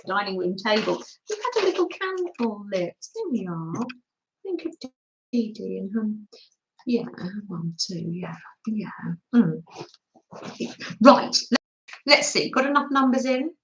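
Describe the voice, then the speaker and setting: A woman hosting a craft livestream from her dining room table, chatting warmly and reading out names from the chat. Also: fairly high pitch, very animated, unhurried, pauses often, reverberant, slight background noise, poor audio. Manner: chatty, affectionate, reads chat names aloud.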